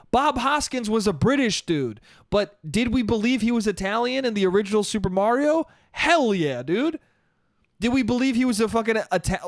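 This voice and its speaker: A man with a high, bouncy voice hosts a solo podcast, rambling and swearing as he goes. He tacks "dude" onto almost every thought. The close studio mic leaves the sound dry and intimate. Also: no echo. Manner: rambling, profane, keeps saying "dude". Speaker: podcast host. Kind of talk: casual solo podcast monologue.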